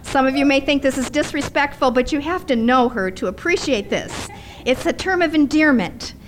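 A middle-aged woman preaching a sermon in a conversational, animated storytelling manner. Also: high voice, moderate pace, slight background noise.

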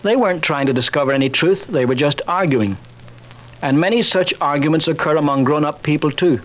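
An older man speaking in a slightly high voice, laying out an argument for faith in a calm, measured way. He mixes in stories from his life and dry, wry jokes. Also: rough recording. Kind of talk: recorded talk on faith, told through anecdotes.

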